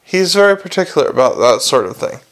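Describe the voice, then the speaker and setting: A nervous, bumbling middle-aged watchman, as a narrator puts him on, pleading in a slightly raised voice with a rough edge. He sounds plain and common, talking hurriedly under pressure. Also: on the high side, sing-song, fast talker. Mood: worried.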